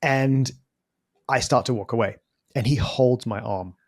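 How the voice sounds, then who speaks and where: A man co-hosting a podcast, telling a story in a casual, animated, self-deprecating way. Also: mid-range voice, a little slow, no echo, clean studio sound. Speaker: podcast co-host.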